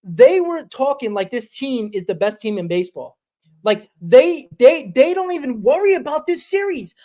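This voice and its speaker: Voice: high voice, sing-song, normal speed, mellow. A sports talk host chatting casually, often restarting and repeating phrases. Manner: rambling, repeats himself. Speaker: podcast host.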